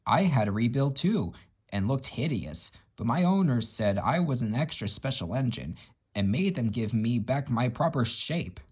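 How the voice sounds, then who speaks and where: A man's voice: mid-range voice, big pitch swings, moderate pace, a little mellow, husky. A man voicing a famous, gracious old male express engine with a kindly, assured manner.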